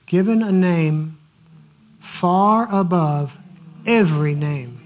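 A man preaching a sermon, telling stories in an animated way and laughing heartily as he acts them out. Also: on the high side, slow pace. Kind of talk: sermon with storytelling.

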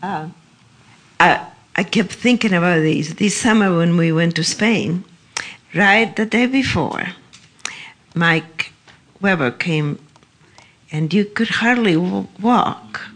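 Female church speaker, slow and halting, casual testimony. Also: on the low side. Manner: slow, halting, with many fillers.

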